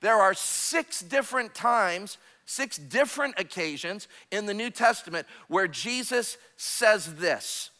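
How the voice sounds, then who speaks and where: A man's voice: high-pitched, lively intonation, slow, few pauses, pushed and bright. A man preaching a sermon as pastor, emphatic and calling for amens. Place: church sanctuary. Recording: long hall reverb.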